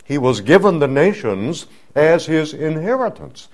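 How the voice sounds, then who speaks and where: A man preaching a sermon, teaching slowly and deliberately, building to emphatic swells on key words. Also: fairly high pitch, big pitch swings, a little mellow.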